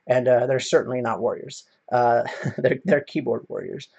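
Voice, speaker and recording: A man's voice: mid-range voice, steady tone, normal speed, a little mellow, slightly rough, dull audio. A man ranting in a casual monologue, swearing often and rambling with many fillers. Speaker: video commentator.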